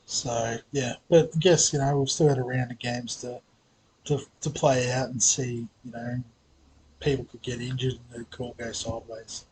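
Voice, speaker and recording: A man's voice: mid-range voice, little pitch movement, normal speed, darkish tone, a little hiss or hum, low-quality recording. A man with an Australian accent hosting a fantasy sports vlog, talking casually with lots of hesitations, fillers and restarts. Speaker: fantasy sports channel host.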